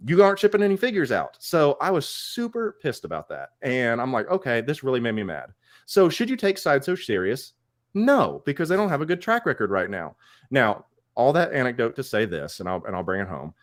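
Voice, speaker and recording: Animated male podcast co-host. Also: medium pitch, a little fast. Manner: animated storytelling, acts out quoted exchanges. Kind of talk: casual chat. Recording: online call.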